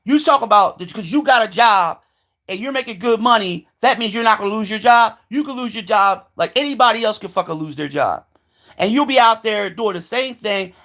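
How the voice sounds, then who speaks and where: A man with a high-pitched voice delivers a heated, profane rant straight to the camera. He swears constantly and mimics other people in mocking quoted voices as he argues. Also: bright, forceful tone. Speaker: video commentator. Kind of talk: angry political rant.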